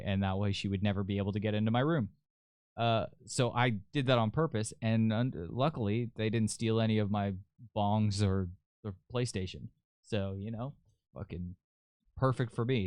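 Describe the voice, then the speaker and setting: Young male podcast host, rambling profane storyteller, smooth clean tone. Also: on the low side, darkish tone, dry recording, studio quality. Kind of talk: casual storytelling.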